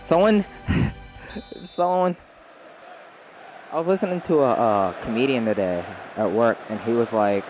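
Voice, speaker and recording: A man's voice: on the low side, very animated, normal speed, a little mellow, faint music behind. A man chatting casually while playing a video game, telling rambling stories full of fillers. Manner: rambling storyteller, many fillers. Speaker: gamer.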